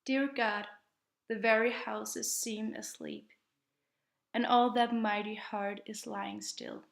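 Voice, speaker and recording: A woman reciting a classic poem in measured, deliberate phrasing. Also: a little high, vocal fry. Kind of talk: poetry recitation. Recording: echoey room.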